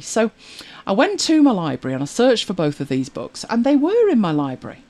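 Chatty podcast co-host, very lively pitch. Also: fairly quick, few pauses. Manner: chatty, rambling, with many fillers and restarts. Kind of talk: casual chat about audiobooks.

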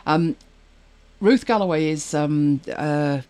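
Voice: medium pitch, slow pace, a little mellow, clean tone. A podcast co-host chatting casually, rambling along with many fillers and restarts. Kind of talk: casual chat about audiobooks.

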